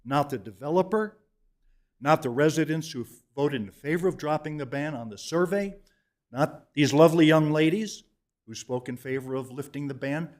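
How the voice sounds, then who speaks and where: A man from Kentucky giving an emphatic, oratorical public comment at a council meeting, repeating points for effect. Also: a little high. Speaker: resident speaking at public comment.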